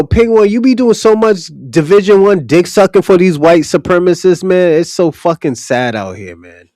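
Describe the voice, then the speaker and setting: Talking straight to his chat, a livestream host delivers casual, ranting commentary, blunt and full of profanity. His voice sits high and a little mellow. The sound is studio quality, with no room sound.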